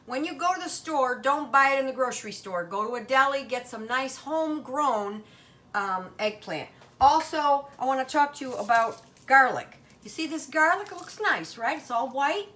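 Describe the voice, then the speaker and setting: A woman's voice: sits high, lively intonation, normal speed, sharp tone. An older woman hosting a home cooking demonstration in her kitchen, talking in a chatty, folksy Italian-American grandmother way.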